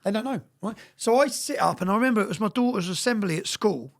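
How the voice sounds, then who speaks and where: A man telling a story in an interview, talking fast, swearing and repeating words, often asking "yeah?". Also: sits high, lively intonation. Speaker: interview guest.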